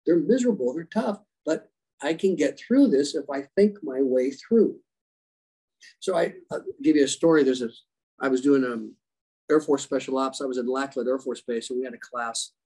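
A man who is a leadership coach and former special operations rescuer, giving animated storytelling answers in a podcast interview and acting out dialogue. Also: medium pitch, moderate pace, slightly rough, rough recording. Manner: animated, acts out quoted dialogue. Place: podcast conversation.

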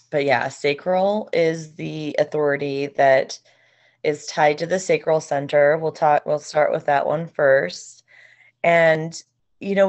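A woman co-hosting a podcast in casual chat, talking candidly and swearing now and then. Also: low-pitched. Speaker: podcast co-host.

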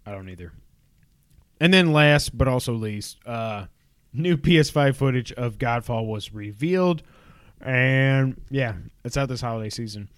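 A man running through gaming headlines on a casual podcast, dropping quick wry asides between items. His voice sits in a middle register and is recorded close and dry, with no room sound. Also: medium pitch, expressive, smooth, no room sound. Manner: rapid news rundown with wry asides. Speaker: podcast co-host reading gaming news. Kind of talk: casual chat.

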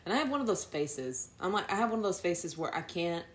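A young woman co-hosting a casual chat about motherhood, earnest but quick to laugh, with dry, self-deprecating humor. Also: fairly low pitch, big pitch swings. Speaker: podcast co-host.

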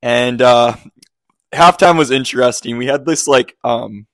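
A hoarse man co-hosting a sports podcast, with his voice partly gone. He tells his story haltingly, full of fillers, at a middling pitch. The recording is dry and close. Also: fairly bright tone, no room sound. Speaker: podcast co-host. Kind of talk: casual sports podcast chat.

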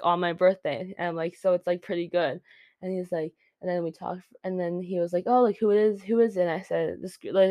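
A woman's voice: on the low side, a little mellow, no room sound. A teenage girl hosting her own podcast, gushing and rambling in a casual chat, full of filler words. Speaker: podcast host.

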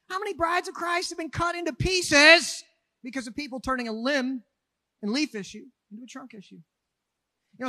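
A man from Minnesota, a pastor, preaching a sermon with animated, joking delivery that swings from quiet asides to shouts. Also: very high-pitched, dry recording.

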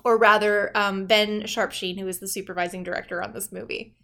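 A woman's voice: medium pitch, fairly even intonation, a little fast, vocal fry, sharp tone. A woman co-hosting a podcast, chatting casually and animatedly and laughing often. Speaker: podcast co-host. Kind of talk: casual chat.

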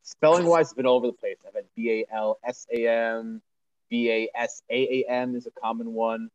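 A man's voice: mid-range voice, fairly even intonation, normal speed, darkish tone, muffled recording. A man speaking as a panelist on a video call, good-humored and casual.

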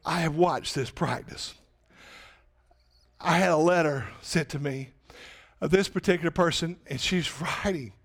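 A man's voice: on the high side, a little slow, long pauses. A man pastor delivering a sermon in emphatic preaching that swells on repeated questions.

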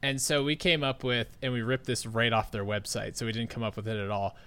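A man in his late twenties telling a story in casual chat, animated and profane, with lots of "like" fillers. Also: mid-range voice, a little fast, clean tone.

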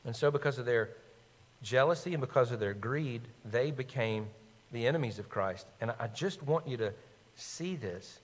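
A man's voice: medium pitch, lively intonation, moderate pace, long reverb tail. A man preaching a sermon as pastor, emphatic, asking his listeners rhetorical questions and quoting scripture.

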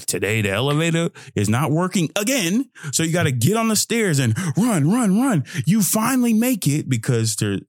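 Animated, cussing young man telling a story. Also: a little high, no echo, studio quality. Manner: animated, profane, acts out his own inner voice. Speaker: podcast host. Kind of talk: casual storytelling monologue.

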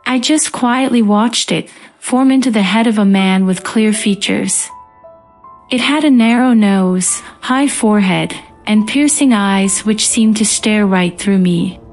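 A woman narrates a true-to-life ghost story in the first person. She reads calmly and evenly at a middle pitch. Soft music sits faintly under her voice. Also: a little slow.

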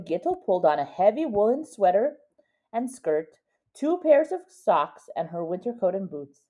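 Mellow woman reading a picture book aloud. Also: on the low side. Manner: pauses to explain words to a child. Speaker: reader to a child. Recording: dull lo-fi recording.

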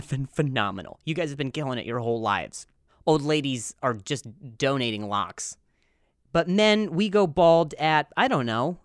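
A man's voice: a little high, a bit bright, clean tone, no room sound, clean studio sound. A man in his twenties hosting a solo comedy podcast, rambling, stammering and poking fun at himself. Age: 20s. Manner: rambling, stammering and self-deprecating. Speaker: podcast host.

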